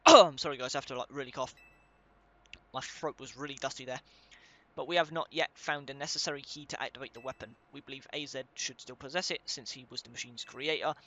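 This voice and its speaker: A man's voice: mid-range voice, fairly even intonation, a little fast, bright, forceful tone. A young man giving casual commentary while reading game text aloud, swearing now and then and stumbling over hard names. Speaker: let's play gamer.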